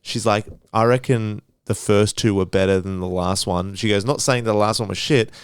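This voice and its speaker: A man, hosting a podcast and chatting in a relaxed way, asking his friends questions. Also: lowish voice, normal speed, smooth, no echo, studio quality. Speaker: podcast host. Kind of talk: casual chat.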